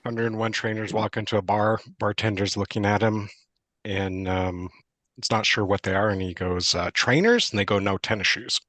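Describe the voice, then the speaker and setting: A man comedian tells improv jokes hesitantly, pausing on fillers. His voice is fairly low. The sound is dry and close. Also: flat delivery, a bit bright, dry recording. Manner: hesitant, halting joke telling.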